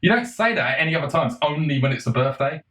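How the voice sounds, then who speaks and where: A man's voice: a little high, animated, very fast, a bit bright, reverberant, low-quality recording. A man ranting in a casual monologue, exasperated and sarcastic, swearing and laughing between points. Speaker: vlogger.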